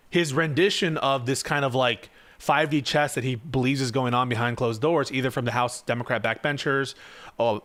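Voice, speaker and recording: A man's voice: mid-range voice, a bit bright. A man doing casual live-stream commentary on politics, reading chat and ranting in a profane, exasperated way.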